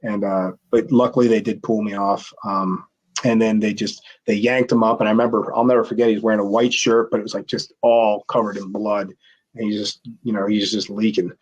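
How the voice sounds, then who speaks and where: A middle-aged former wrestler telling a long backstage story in a casual interview, rambling with many restarts and acted-out quotes. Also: male voice, fairly low pitch, level tone, fairly quick, rough recording. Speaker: former pro wrestler, guest.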